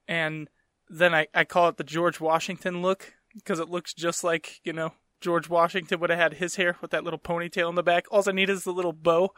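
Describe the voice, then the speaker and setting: A man's voice: a little high, fairly bright tone, no room sound, studio quality. A young man hosting a podcast in casual chat, rambling, laughing often and swearing freely. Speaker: podcast host.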